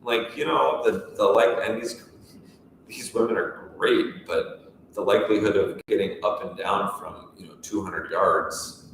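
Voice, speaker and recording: In an echoey room at a golf course, with the mic far off, a golf pro co-hosts a casual talk show, rambling and restarting a lot. His voice is lowish, creaky, and fairly bright, a little slow, with a slight hiss or hum.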